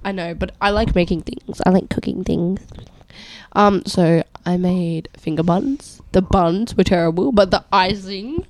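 A woman co-hosting a casual chat podcast, giddy and excitable. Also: lowish voice, a little slow. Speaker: podcast co-host.

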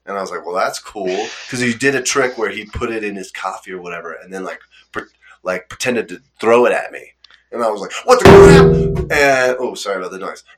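A man's voice: lowish voice, fairly quick, over loud music. A young man telling a rambling story in casual chat, laughing often and acting out the quotes.

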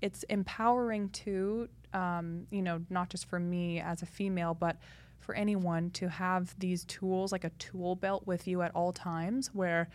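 A young woman, a podcast guest, chatting in a lively way full of fillers as she tells her story. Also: fairly low pitch, a little slow. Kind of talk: casual interview talk.

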